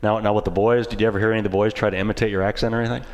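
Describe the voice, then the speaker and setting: A man interviewing a guest, asking quick, casual questions with small stumbles. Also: on the low side, flat delivery, in a large hall.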